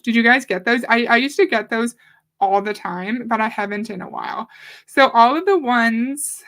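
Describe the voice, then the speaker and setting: A woman's voice: fairly high pitch, normal speed, a bit bright. Chatty woman hosting a livestream. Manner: chatty, reads viewer comments aloud, mildly profane. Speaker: livestream host. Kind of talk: casual live-stream talk.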